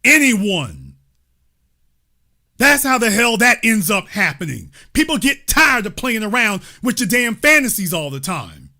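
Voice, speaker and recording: A male host giving livestream political commentary in an animated, emphatic way, with mild cursing and the odd shout. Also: sits high, a little slow.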